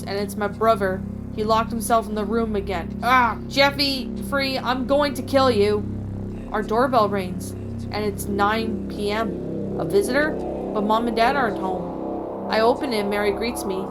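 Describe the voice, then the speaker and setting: A woman's voice: medium pitch, steady tone, normal speed. A woman reading a first-person horror story aloud as a channel host, in a dramatic storytelling manner. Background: background music.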